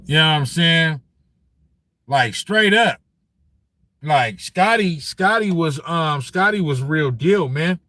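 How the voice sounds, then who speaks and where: A man talks basketball on his live stream with a bright, forceful voice pitched a little high. He answers the chat in an animated, profane rush, his voice sitting close and dry on the mic. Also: slow, pauses often, no room sound. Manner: animated, profane, frequent "you know what I'm saying". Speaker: sports show host reading live chat. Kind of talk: casual live-stream sports talk.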